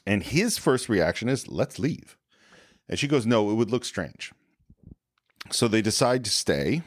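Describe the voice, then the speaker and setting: A man's voice: lowish voice, very animated, measured pace, dry recording. A man co-hosting a film podcast, casually retelling a movie scene by scene and briefly acting out the characters' lines. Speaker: podcast co-host.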